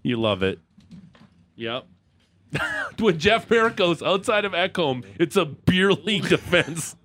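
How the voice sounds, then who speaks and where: A man's voice: high voice, sing-song, a little slow, a bit bright, a little hiss or hum. A man hosting a sports radio show, bantering and teasing his co-host and guests with a jokey, laughing manner. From Canada. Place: radio studio. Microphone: studio microphone.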